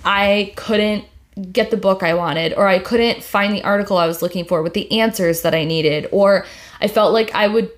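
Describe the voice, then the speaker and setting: A young woman co-hosting a casual podcast chat, telling stories in a slangy, animated way. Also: medium pitch, normal speed. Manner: chatty, slangy, animated storytelling. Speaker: podcast co-host.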